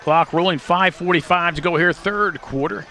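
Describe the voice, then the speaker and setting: A man calls a high school football game play by play, his voice quite bright and a bit high. He climbs in pitch and volume when a runner breaks loose, and faint outdoor noise sits behind him. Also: normal speed. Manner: rises in pitch and volume on big plays. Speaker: play-by-play announcer. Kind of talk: sports commentary.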